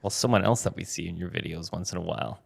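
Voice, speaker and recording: A man's voice: deep voice, fast, vocal fry, a little hiss or hum. A man hosting a podcast, interviewing guests in a casual, joking, self-mocking way. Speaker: podcast host.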